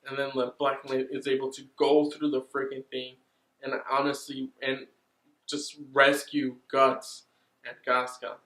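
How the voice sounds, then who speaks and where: Man, casual plot recap, swears a lot, unhurried delivery, roomy echo. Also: medium pitch. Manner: excited, swears a lot, drawn-out pauses. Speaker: anime reviewer.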